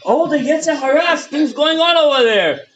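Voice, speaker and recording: A man giving a fiery Torah lecture as a rabbi, swinging between loud outbursts and hushed asides, mixing English with Hebrew terms, on a dull lo-fi recording. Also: very high voice, expressive, normal speed. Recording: dull lo-fi audio.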